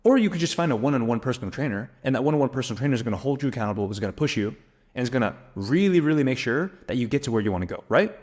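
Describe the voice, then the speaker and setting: A man in his twenties giving an emphatic, energetic motivational business lesson to camera, full of rhetorical questions. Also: medium pitch, very fast. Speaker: business coach.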